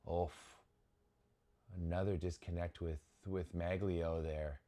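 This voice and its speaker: A young man with a very low voice talks through a match in casual live commentary. He reacts with sudden excited outbursts and often restarts his sentences as he watches, like a host chatting over the game. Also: takes it slowly.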